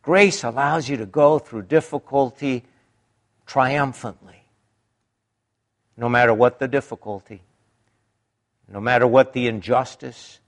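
A man preaching a sermon in an emphatic, deliberate way, his pitch rising and dropping dramatically.

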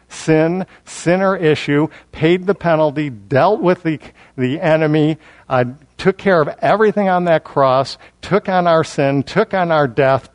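A man preaching an expository Bible sermon, building emphasis through repetition and slowing down on key words. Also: a little high, a little mellow.

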